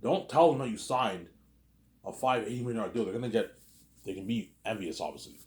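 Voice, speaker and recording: A man's voice: lowish voice, animated, fairly quick. A man acting out an imagined argument by himself, playing every side in an over-dramatic, repetitive way. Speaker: video creator. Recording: roomy echo.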